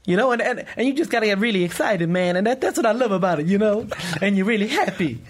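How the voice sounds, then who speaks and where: Man doing a fired-up comic, rapid and bright. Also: sits high, voice pushed up. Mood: hyped. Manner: fast, excited, saying man a lot. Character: excitable male comedian-actor, hyped and upbeat.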